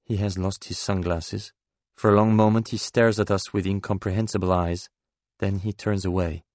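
Male audiobook narrator, very low voice, dry close sound, measured first-person read. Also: steady tone, darkish tone, no room sound.

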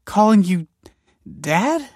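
A man voicing a caring middle-aged mother in an audiobook, raising his voice into a high, lilting, tender tone. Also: sing-song, normal speed, no room sound, studio quality. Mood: aghast. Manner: high put-on voice, lilting and bright. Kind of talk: audiobook character voice.

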